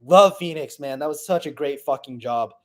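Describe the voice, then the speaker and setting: A man's voice: a little high, normal speed. A man in his late twenties, rambling casually and profanely through a personal reflection on his past year, often trailing off. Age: 20s. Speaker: vlogger.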